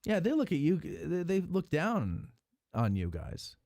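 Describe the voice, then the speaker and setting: A man hosting a casual chat, teasing his guests and laughing often. His pitch swings up and down as he jokes. The sound is dry and close, with no room echo. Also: huge pitch swings, measured pace, darkish tone. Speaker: host.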